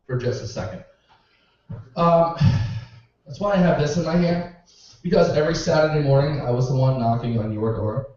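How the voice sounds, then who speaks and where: A man's voice: mid-range voice, mellow. A young man doing a stand-up routine, ranting in exasperation and swearing. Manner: exasperated rants with profanity. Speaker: stand-up comedian. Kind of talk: stand-up routine at a comedy club. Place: small comedy club. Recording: roomy, distant, muffled club recording.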